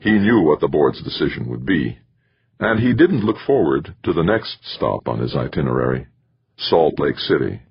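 Very deep, husky male narrator. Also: very animated, normal speed, dry recording. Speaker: audiobook narrator. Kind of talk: scripted narration. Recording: dull lo-fi recording.

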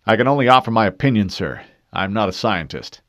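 A man's voice: on the low side, expressive, brisk, a bit bright, no room sound. A man voicing a disciplined male super-soldier who answers stiffly and formally. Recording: dull dry studio read.

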